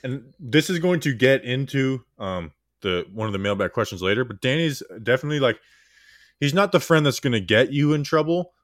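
A man's voice: medium pitch, expressive, brisk, no echo, studio quality. A man hosting a casual podcast chat, talking candidly in a subdued, heartfelt way. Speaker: podcast host.

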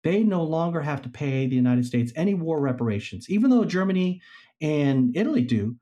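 The recording cuts off the highs as a man with a higher-than-average voice speaks briskly as a podcast guest. He tells a historical story in a casual, animated way, playing the people he quotes.

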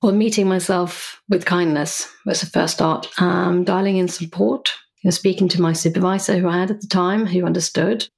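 A woman's voice: on the low side, fairly even intonation, normal speed, gravelly, slightly rough. A woman, a psychologist and coach, speaking thoughtfully as a podcast guest and explaining ideas through examples. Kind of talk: reflective podcast interview.

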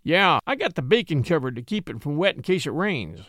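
A man's voice: a little high, sing-song, fairly quick, a bit bright, no room sound, studio quality. A man voicing a wary, flustered farmer in a storybook reading. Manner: drawling country speech, hesitant. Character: wary, flustered old farmer, plain spoken.

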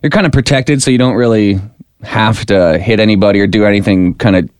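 A young adult man co-hosting a podcast, telling a story in a casual, animated way and acting out shouted lines. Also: on the low side, fairly quick, smooth, dry recording, studio quality. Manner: animated, mimics shouted voices in anecdotes. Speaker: podcast co-host.

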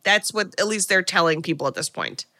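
A woman co-hosting a podcast, casually recapping a movie plot and swearing freely as she acts out quick lines. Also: fairly low pitch, lively intonation, pushed and bright, dry recording, clean studio sound. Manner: retells scenes with quick quoted voices, swearing. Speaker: podcast co-host.

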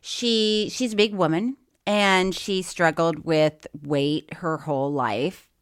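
A middle-aged woman co-hosting a podcast in casual chat, playful and quick to laugh. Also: lowish voice, clear, resonant tone, no room sound, clean studio sound. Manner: playful, laughs often, sings snatches of songs. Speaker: podcast co-host.

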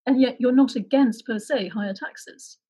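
Woman host with a higher, breathy voice. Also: dark tone, poor audio. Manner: measured, framing long questions. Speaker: interview host. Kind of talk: interview questioning.

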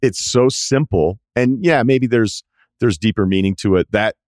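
A man hosting a podcast in casual chat, relaxed and rambling, with restarts and side remarks. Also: fairly low pitch, moderate pace, no echo, studio quality. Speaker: podcast host.

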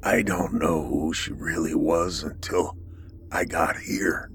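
A man voicing a frail, dying male inmate with a croaky voice, speaking slowly in a hushed near-whisper. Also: rumbling low, fairly even intonation, noisy background, exaggerated voice. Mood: strained, confessing.

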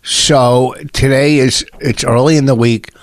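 A man's voice: mid-range voice, steady tone, measured pace, dry recording, studio quality. A man hosting a podcast in casual bickering chat, needling and sarcastic. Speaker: podcast host.

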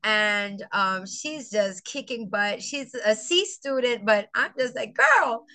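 A middle-aged woman with a bright, forward voice tells a heartfelt story about a student. She slips into her students' voices as she quotes them and turns tearful at times. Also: medium pitch, expressive, slow pace. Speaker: veteran teacher, guest. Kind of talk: emotional personal storytelling.

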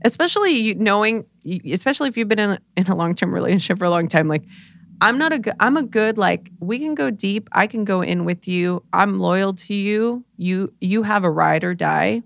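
A woman's voice: mid-range voice, lively intonation, normal speed, vocal fry, dry recording, studio quality. A woman hosting a podcast, talking candidly and swearing freely as she acts out her own reactions. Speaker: podcast host. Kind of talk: casual chat.

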